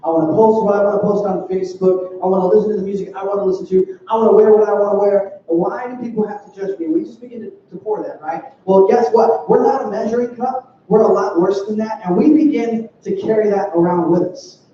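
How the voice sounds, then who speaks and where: Young man, youth pastor, conversational sermon, mellow tone, dull lo-fi recording, faint noise. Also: high-pitched, steady tone, fast talker, hardly any pauses. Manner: conversational, acts out quoted voices. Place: church hall. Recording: far, dull and roomy hall sound.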